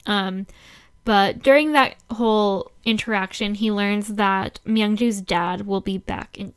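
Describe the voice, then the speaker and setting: A woman talks through a drama episode in a relaxed chat. Her voice is clear and smooth, and she laughs easily as she rattles off quoted lines from the characters. She's chatty and easygoing. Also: medium pitch, unhurried. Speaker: podcast co-host recapping a drama. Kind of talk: casual chat.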